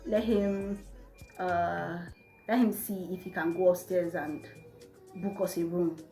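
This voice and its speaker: A pushy young man keeps coaxing his date, as a woman quotes him in her storytime. He is persistent and insistent. The room echoes and soft music hums behind. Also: on the low side, steady tone, slow. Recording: roomy with faint music.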